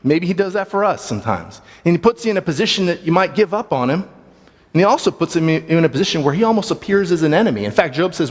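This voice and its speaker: A man's voice: a little high, expressive, fast talker. Casual man teaching a church class. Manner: casual, plain-spoken, thinking aloud. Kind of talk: conversational Bible class talk. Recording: long hall reverb.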